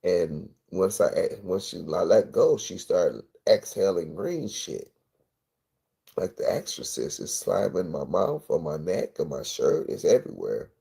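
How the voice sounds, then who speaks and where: A man livestreaming, telling a personal story in a rambling, profane, intense way with a gravelly voice. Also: low voice, very animated, unhurried, mellow. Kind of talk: emotional storytelling monologue.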